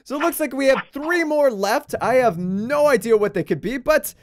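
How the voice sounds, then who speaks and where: A man's voice: extremely high pitch, normal speed. A man hosting a gaming video, giving casual let's-play commentary and exclaiming in surprise. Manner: excitable, laughs often, exclaims in surprise.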